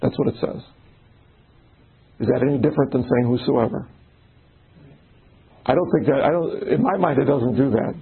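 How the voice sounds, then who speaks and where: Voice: mid-range voice, moderate pace, pauses often, husky, narrow, tinny audio. A Bible study leader explaining word meanings and putting questions to the group in a casual discussion.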